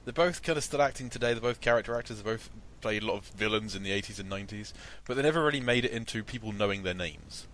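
A man's voice: on the low side, fast talker, few pauses, fairly bright tone, a little hiss or hum. A man who is a guest on a film podcast, talking in a rambling way with restarts and a dry humor. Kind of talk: casual film podcast chat.

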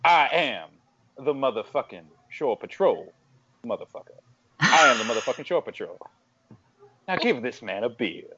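A man putting on the voice of a menacing older tough guy, drawling slowly and dropping to quiet growls. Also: mid-range voice, big pitch swings, highs cut off, very noisy, natural voice.

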